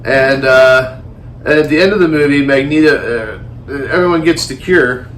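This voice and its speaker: A man co-hosting a casual movie review chat, talking in a rambling, animated way with some swearing. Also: mid-range voice, moderate pace, slight background noise. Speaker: podcast co-host.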